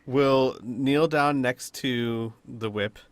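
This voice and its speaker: A man playing a tabletop game, calmly describing his character's actions. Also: mid-range voice, drawn-out words, no echo. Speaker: player.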